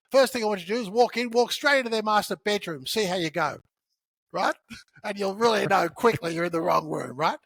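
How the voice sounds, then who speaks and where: A high-pitched man speaks as a podcast guest, explaining his approach in a lively, conversational way. He often acts out short bits of dialogue. The recording is close and dry, with no room echo. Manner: animated storyteller who acts out dialogue. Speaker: podcast guest, sales author. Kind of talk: conversational teaching.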